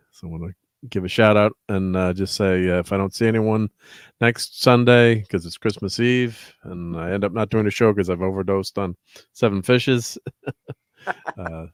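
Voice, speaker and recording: A man with a lowish voice hosts a laid-back livestream, rambling through shout-outs with uhs and restarts. The sound is dry and close, with no room in it. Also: moderate pace, no echo. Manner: relaxed, rambling thank-yous with fillers. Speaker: host. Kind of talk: casual livestream chat.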